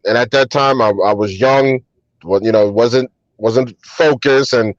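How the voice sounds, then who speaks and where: A man, a hip hop artist and DJ, telling relaxed anecdotes as an interview guest, with many ums and restarts. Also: medium pitch, measured pace, no room sound, highs cut off. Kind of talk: casual storytelling interview.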